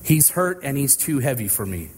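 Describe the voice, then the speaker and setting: A man's voice: mid-range voice, sing-song, moderate pace, a little mellow, slight background noise, close to an everyday voice. A man acting out a frightened, apologetic young boy who pleads tearfully for help, heard with long reverb. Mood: pleading.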